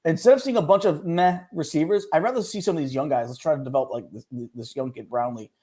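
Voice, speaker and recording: A man co-hosting a casual sports talk show, talking quickly and animatedly, often jumping in over the others. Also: on the high side, mellow. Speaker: co-host.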